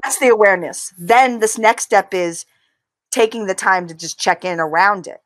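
A middle-aged woman, an interview guest and author, talking in an animated way and acting out inner voices. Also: mid-range voice, normal speed, no room sound. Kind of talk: conversational interview.

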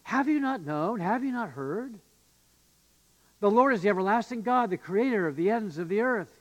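A man's voice: high voice, animated, normal speed. A male pastor giving an earnest, emphatic sermon with occasional fillers and restarts. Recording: long reverb of a church hall.

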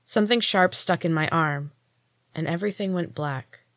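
A woman's voice: fairly low pitch, moderate pace, a bit bright, dry recording, studio quality. Woman reading a story aloud. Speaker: storyteller, podcast host. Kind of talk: scripted first-person audiobook narration.

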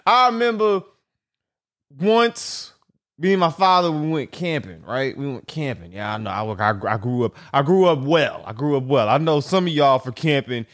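A young man hosting a comedic solo podcast, rambling and animated, swinging his pitch around for laughs and often repeating himself. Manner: animated, swings pitch widely for comic effect; rambling, repeats and restarts phrases. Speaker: podcast host.

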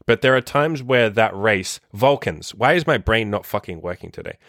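A man's voice: lowish voice, expressive, normal speed, fairly bright tone, no room sound, studio quality. A man hosting a solo podcast, talking bluntly and passionately with lots of swearing, tired. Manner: blunt, profane, impassioned. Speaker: podcast host and dating coach.

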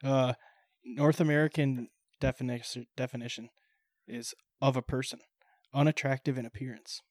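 A man's voice: mid-range voice, steady tone, moderate pace, darkish tone, dry recording, studio quality. A man co-hosting a podcast, chatting casually and asking teasing questions. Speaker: podcast co-host. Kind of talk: casual chat.

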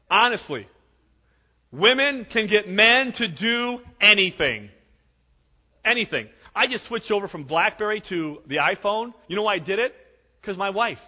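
A man in his forties preaching a sermon as pastor, chatty and jokey, often tagging "right?". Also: high voice. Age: 40s. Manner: conversational, jokey, repeats "right?". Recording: dull sound with long hall reverb.

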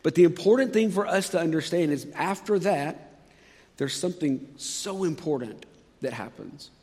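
A man preaching a sermon, telling the story with dramatic swings between loud, excited highs and hushed, quiet lows. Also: moderate pace. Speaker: pastor. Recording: long hall reverb.

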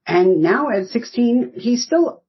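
A woman's voice: fairly high pitch, animated, slow, breathy edge, muffled recording. A woman in her fifties from the United States, a podcast guest telling rambling, anecdotal stories in casual interview chat. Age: 50s.

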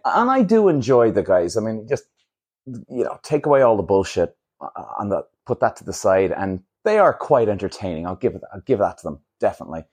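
Casting note: man hosting a solo podcast, husky voice, blunt and animated, swears a lot. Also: mid-range voice. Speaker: podcast host. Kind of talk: casual solo podcast rant.

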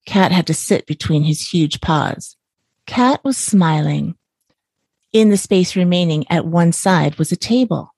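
A woman with a somewhat low voice reads a bedtime story in a calm, even way. She sits close to the mic in a dry space with no room sound. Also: vocal fry, dry recording.

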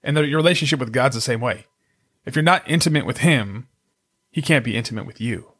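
A man's voice: mid-range voice, animated, brisk, fairly bright tone. A man in his thirties co-hosting a faith podcast, talking in an emphatic, exhorting and casual way. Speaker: podcast co-host.

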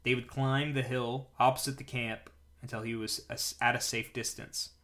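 Guy doing a daily bible reading, mid-pitched voice, breaks off to chat about it casually. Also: level tone, moderate pace, a bit bright. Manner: conversational, paraphrases in casual speech. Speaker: podcast host reading scripture.

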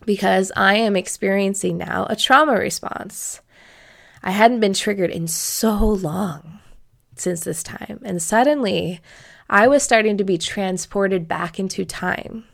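Woman host, low gravelly voice, earnest reflective storyteller. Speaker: podcast host. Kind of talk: personal story told to listeners.

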